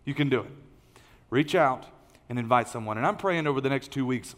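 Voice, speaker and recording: In a large church auditorium with long, hall-like reverb, a middle-aged man preaches a folksy, conversational sermon as lead pastor. He talks a little fast in a medium-pitched, fairly bright voice, often using fillers and restarting sentences.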